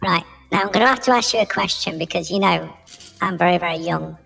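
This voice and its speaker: Player, woman, strong vocal fry, echoey room sound, faint music. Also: fairly low pitch, fast talker, a bit bright. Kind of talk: casual chat while playing a tabletop game.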